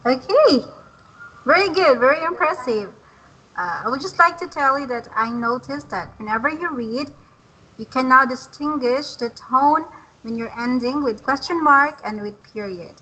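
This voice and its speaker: A woman teaching an English lesson online, patient and encouraging, speaking slowly and clearly. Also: high-pitched, expressive, bright, forceful tone, rough recording.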